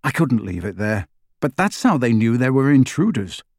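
A man's voice: medium pitch, very animated, normal speed, a little mellow, no room sound, clean studio sound. Brief: determined teenage wizard boy, read by a male narrator, blunt and level.

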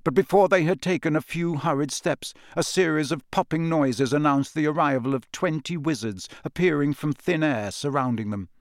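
A man narrating a fantasy storybook in a dramatic, expressive reading. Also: fairly high pitch, moderate pace, hardly any pauses, no echo, studio quality. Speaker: audiobook narrator.

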